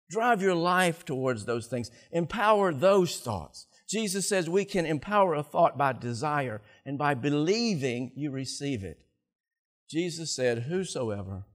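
An older man, a pastor, preaching a sermon to his congregation with animated delivery and audience banter. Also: on the high side. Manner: animated, laughing, talking to the congregation.

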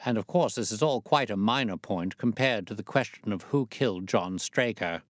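Confident detective, crisp and faintly amused, low dry voice, read by a man. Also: moderate pace, no room sound, close to an everyday voice. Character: sharp, self-assured male detective.

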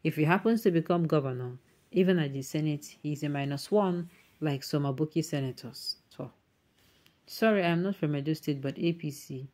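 Low-voiced Nigerian woman hosting news. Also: normal speed, darkish tone. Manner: mixes Pidgin asides into emphatic commentary. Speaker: online news host. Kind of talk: reading out and reacting to viewer comments.

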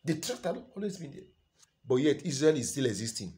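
A Nigerian man preaches with loud emphasis, pushing his voice up high at the peaks of each point. He keeps throwing questions out to the listeners and waiting for their answer. His pitch sits in an ordinary middle range. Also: sing-song, fairly quick. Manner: call-and-response questions, loud emphatic delivery. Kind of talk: sermon.

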